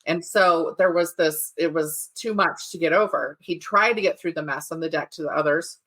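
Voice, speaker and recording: Her voice is on the low side with a fairly bright tone. As a podcast host, she chats casually and recounts a true-crime case, breaking off for laughing asides.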